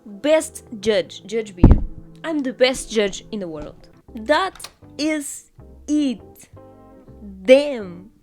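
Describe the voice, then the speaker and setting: A woman's voice: mid-range voice, animated, takes it slowly, over music. A woman giving playful, exclamatory commentary while playing a courtroom game and reading on-screen text aloud. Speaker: gamer. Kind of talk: casual gameplay commentary.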